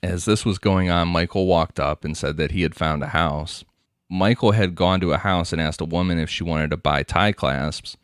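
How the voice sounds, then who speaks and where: A deep-voiced man hosting a casual podcast, reading case details in a loose, conversational way and laughing often. His voice is dry and close to the microphone. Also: moderate pace, smooth, no room sound. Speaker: podcast host. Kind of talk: casual true-crime narration.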